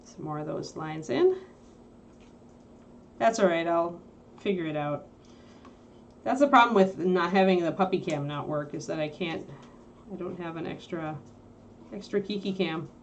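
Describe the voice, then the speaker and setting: A woman with a fairly low voice talks at a measured pace with long pauses, over lo-fi sound with a little hiss or hum. She hosts a laid-back miniature-painting livestream, rambling as she chats and repeatedly stopping to talk to her puppy.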